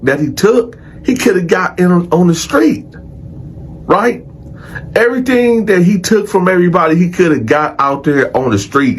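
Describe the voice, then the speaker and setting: A man telling a prison story in a casual, animated and profane way, addressing his audience directly. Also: a little high, slight background noise. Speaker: storyteller host.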